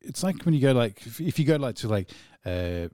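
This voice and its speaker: A man's voice: medium pitch, very animated, fairly quick, mellow, dry recording, studio quality. A man co-hosting a music show, chatting casually in a rambling way, full of fillers and laughter. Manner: rambling, full of "you know" and "like", laughs often. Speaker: radio show co-host. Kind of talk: casual chat between songs.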